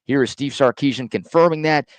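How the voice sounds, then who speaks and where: A man hosting a sports talk show, telling stories in a joking, quick way and reading live ads. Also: medium pitch, dry recording.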